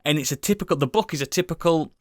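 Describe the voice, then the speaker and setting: A man's voice: fairly high pitch, rapid-fire, no room sound, studio quality. A British man co-hosting a casual podcast, rambling enthusiastically with lots of swearing and restarts. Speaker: podcast co-host. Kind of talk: casual chat.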